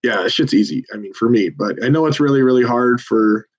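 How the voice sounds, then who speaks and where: A man's voice: mid-range voice, a little fast. Profane rambling man on a dull mic. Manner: rambling, profane, self-deprecating pep talk. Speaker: phone bank volunteer. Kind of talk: casual livestream chat between phone calls.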